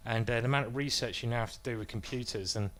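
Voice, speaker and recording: A man's voice: medium pitch, quick pace, fairly bright tone. A man talking casually on a live stream as a chess streamer, rambling and informal with the odd swear word.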